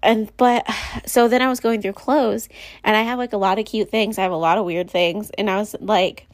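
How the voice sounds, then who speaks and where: A woman's voice: mid-range voice, steady tone, normal speed. A young woman and mother talking candidly to her viewers in a rambling, confessional way, full of fillers and restarts. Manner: rambling, confessional, lots of likes and ums. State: close to tears. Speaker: mom vlogger. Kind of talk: candid personal vlog chat.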